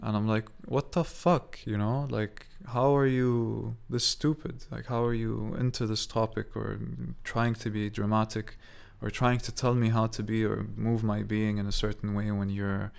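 A man's voice: lowish voice, level tone, normal speed, vocal fry, smooth. A young man hosting his own podcast, telling a long personal story in a rambling, profane way, full of "like" and "you know". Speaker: podcast host. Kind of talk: casual monologue.

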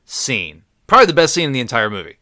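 A man's voice: medium pitch, big pitch swings, fast, pushed and bright, no room sound, clean studio sound. A man co-hosting a movie podcast, chatting casually and mostly agreeing in short replies. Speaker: podcast co-host. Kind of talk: casual movie review chat.

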